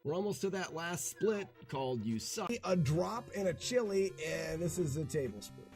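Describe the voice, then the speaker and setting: A man streaming a game and commenting live, excitable and shouting when he is thrilled. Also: fairly high pitch, moderate pace, soft background music.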